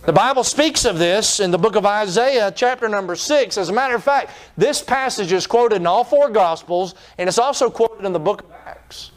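A pastor with a high-pitched, expressive voice preaches a sermon at a moderate pace, barely pausing. He retells scripture in folksy terms, storytelling and acting out the people in it by putting on voices for them.

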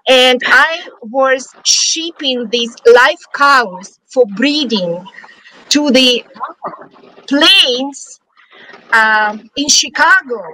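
A woman's voice: sits high, pushed and bright, a little hiss or hum, low-quality recording. A middle-aged woman from Siberia with a Russian accent, a guest chatting freely about her life, often restarting sentences and laughing lightly. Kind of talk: casual storytelling interview. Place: studio.

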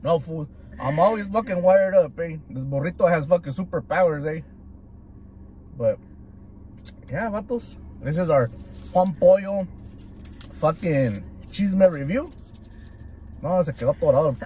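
This fairly high-pitched male voice moves at a measured pace with long pauses, over slight background noise. He's a Southern California food vlogger chatting inside a parked car, ranting animatedly while he eats, full of slang and swearing, and switching into Spanish now and then.

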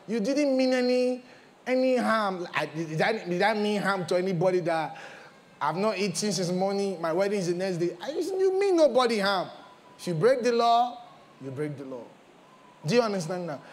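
High-voiced Nigerian pastor preaching. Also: male voice. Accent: Nigerian English. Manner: animated storytelling with repetitions, mixing in pidgin. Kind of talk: sermon. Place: church.

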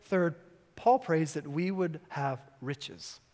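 High-voiced man preaching in a reverberant church. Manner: lively storytelling with quick asides. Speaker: pastor. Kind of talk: sermon. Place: church sanctuary. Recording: long church hall reverb.

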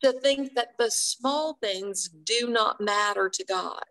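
A woman guest author telling a personal faith story in an interview, earnest and quick to laugh. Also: mid-range voice, sharp tone, poor audio.

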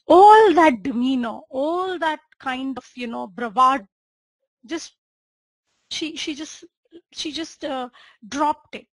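A woman's voice: high voice, dry recording, low-quality recording. A woman teaching a homeopathy lecture, telling a patient case as a story and acting out the dialogue.

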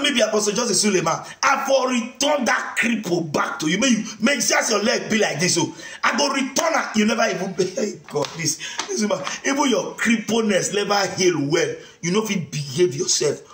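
A man with a Nigerian accent, an online preacher, ranting in a mocking, taunting way and often bursting into shouts. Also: high voice. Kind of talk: mocking rant to camera. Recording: echoey room.

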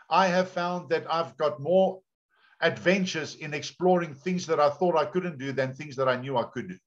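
A man's voice: fairly high pitch, moderate pace. A male pastor preaching a sermon, telling stories in a chatty way and often repeating words. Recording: dull lo-fi sound.

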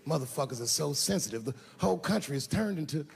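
A man doing a stand-up comedy set on a large theater stage, telling a loose story that swings from low mutters to shouted punchlines. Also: expressive, fast talker, vocal fry, slightly rough. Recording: live stage sound in a big reverberant hall.

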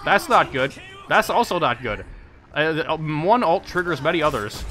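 A man gives chatty, self-mocking commentary while he plays a game. His pitch swings widely as he reacts. Loud game music plays under his stream mic. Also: animated, moderate pace. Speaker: gamer streaming his play.

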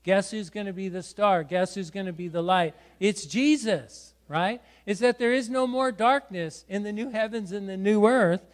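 High-voiced man preaching a sermon. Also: normal speed, hardly any pauses. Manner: exhorting, repeats words and adds "right?". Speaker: pastor. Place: church sanctuary.

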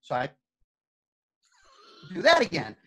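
A man working as an on-field emcee, telling a story with lively energy and acting out the quotes. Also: a little high, slow, slightly rough. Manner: lively, acts out quotes in shifting voices. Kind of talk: animated storytelling.

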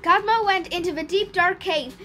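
High-voiced woman reading a picture book. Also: normal speed, slight background noise. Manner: expressive, careful storytelling. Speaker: storybook reader.

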